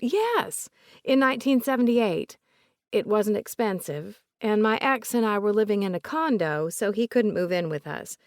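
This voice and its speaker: A woman voicing an older woman with a soft Southern accent, polite and remorseful, recalling family memories in a gentle, chatty way. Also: mid-range voice, lively intonation, moderate pace, no echo, clean studio sound, voice pushed up, lightly acted.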